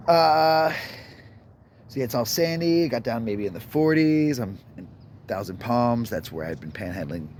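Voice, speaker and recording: Male vlogger, very low voice, casual and reflective, soft at times, outdoor phone recording with light hiss. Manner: rambling, reflective, drops to a near whisper at times. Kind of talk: casual talking to camera. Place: outdoors behind a store at dawn. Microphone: phone held to self.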